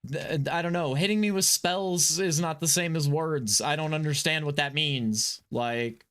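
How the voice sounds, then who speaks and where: Here a man streams gameplay and chats loosely about it, his smooth, fairly bright voice pitched on the high side and moving a little slowly. Agitated, he wanders, starts sentences over, swears, and apologizes.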